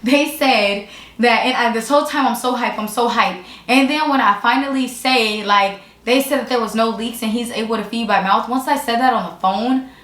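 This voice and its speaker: A mother co-hosting a family vlog, telling the story in an excitable, animated way. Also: a little high, normal speed. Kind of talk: casual chat. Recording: echoey room.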